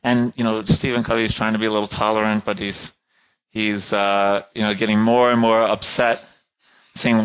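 A man's voice: lowish voice, level tone, moderate pace, a bit bright, clean tone, muffled recording. A man giving a casual classroom lecture, talking conversationally, often checking in with "right?" and stopping to rephrase.

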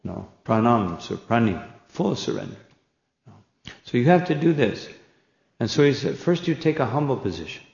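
A man's voice: mid-range voice, sing-song, normal speed, creaky, a little mellow. A man giving a scripture lecture as a spiritual teacher, retelling the dialogue in character and often tagging his points with "No?". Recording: echoey hall, dull lo-fi sound.

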